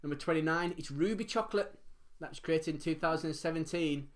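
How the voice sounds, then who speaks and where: A man hosting a casual live quiz from his home dining room, reading out answers and chatting between them. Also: fairly high pitch. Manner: reads answers briskly, chats and laughs between. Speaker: quiz host.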